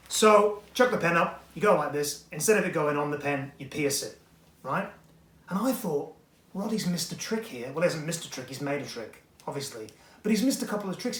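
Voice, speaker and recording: Man, casual magic-trick review, rambling and self-deprecating, fairly high voice, echoey room. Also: fairly bright tone. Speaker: magic product reviewer, show host.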